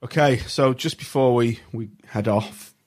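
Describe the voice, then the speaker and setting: A man hosting a casual chat, speaking in a measured, hesitant way. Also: mid-range voice, darkish tone. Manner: measured, hesitant, lots of fillers.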